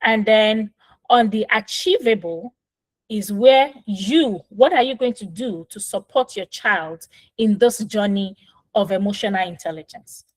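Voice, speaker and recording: A woman's voice: medium pitch, measured pace, no room sound, rough recording. Woman coaching parents step by step. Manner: patient, step-by-step explaining with frequent "right?". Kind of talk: casual instructional talk. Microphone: phone.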